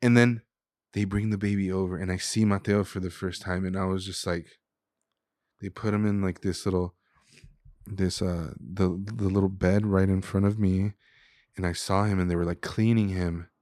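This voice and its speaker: Male podcast guest, 30s, low voice, dry close sound, earnest and emotional, casual filler-heavy speech. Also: fairly even intonation, normal speed, a little mellow, no room sound. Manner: emotional, heartfelt, says "dude" and "like" a lot.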